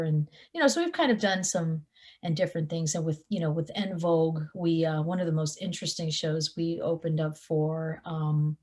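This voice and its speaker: A young adult woman, a touring guitarist, chatting in an interview and acting out the people in her stories. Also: sits low. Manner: animated storyteller, acts out quotes. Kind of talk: casual interview chat.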